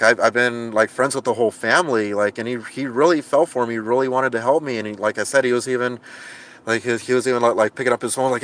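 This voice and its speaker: A man's voice: medium pitch, a bit bright. A man talks into his camera from inside a car, answering chat comments in a loose, rambling way. He sounds frustrated and self-mocking, breaking off his sentences and starting them again. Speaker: live streamer reading chat comments. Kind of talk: casual livestream chat.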